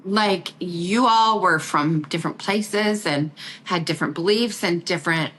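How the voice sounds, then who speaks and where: A woman's voice: fairly low pitch, a little slow, poor audio. A middle-aged woman chatting as a podcast guest, telling stories with lots of laughter. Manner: laughing, animated storytelling with quoted voices. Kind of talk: casual chat.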